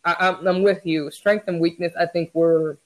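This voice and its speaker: A man's voice: a little high, fairly even intonation, moderate pace, rough recording. A man co-hosting a podcast, chatting candidly and often restarting his sentences. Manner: candid, repeats words when starting sentences. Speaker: podcast co-host. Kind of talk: casual chat.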